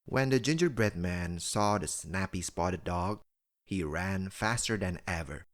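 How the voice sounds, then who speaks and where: A man with a low voice reads a children's bedtime story aloud. He takes it slowly and leans into every line, with his pitch rising and falling in a lively, animated way. It is gentle, expressive storybook narration.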